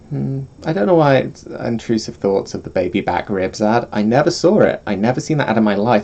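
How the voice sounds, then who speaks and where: A man's voice: medium pitch, very animated, moderate pace, vocal fry, mellow, highs cut off. Rambling, giggly man streaming. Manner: rambling, giggly, self-deprecating. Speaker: vtuber streamer. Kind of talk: casual livestream chat. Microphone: streaming mic, close.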